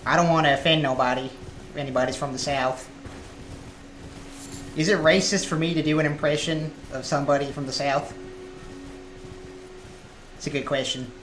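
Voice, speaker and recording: A man's voice: a little high, steady tone, normal speed, pauses often. A man live-streaming a video game, chatting casually and thinking aloud with fillers as he plays. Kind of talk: casual live-stream chat while gaming. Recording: echoey room with loud background noise.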